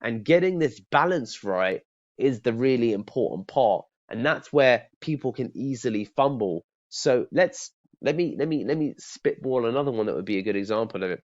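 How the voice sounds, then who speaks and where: A sales trainer teaches cold calling to the camera in a conversational style, frequently restarting and checking in with "okay?" His voice is medium-pitched and darkish, animated, at a moderate pace. The audio sounds dull and lo-fi.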